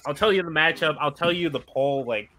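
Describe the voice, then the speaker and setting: A man hosts a casual podcast, walking through a wrestling storyline. His voice is bright and a bit high, and he leans on fillers as he goes. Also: a little fast. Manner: rambling, full of "like" and "um".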